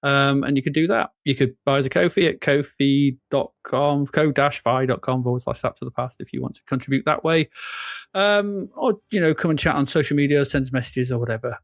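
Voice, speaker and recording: A man's voice: mid-range voice, a little fast, no echo, clean studio sound. A man hosting a podcast in casual chat, rambling and laughing often. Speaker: podcast host.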